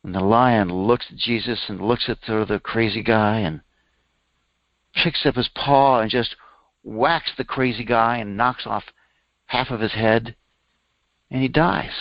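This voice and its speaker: A man's voice: measured pace, long pauses, no echo, dull audio. A man, a spiritual teacher, telling a parable in a sermon and lifting his voice for the characters' lines. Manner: animated storyteller, voicing characters with raised pitch. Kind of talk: storytelling sermon.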